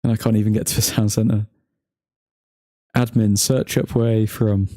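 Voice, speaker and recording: A man's voice: on the low side, flat delivery, normal speed, warm tone, no echo, clean studio sound. Laid-back young man bantering with chat. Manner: joking banter, laughs often, talks to chat by name. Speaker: livestream host reading chat. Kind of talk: casual chat over a football watchalong.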